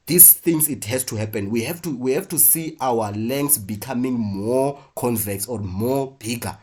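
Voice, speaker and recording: A husky-voiced man with a South African English accent teaches an online class at a medium pitch. He explains step by step as he draws, often stopping to ask "right?" and restarting his words. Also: darkish tone. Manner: explains while drawing, frequent "right?" checks, restarts.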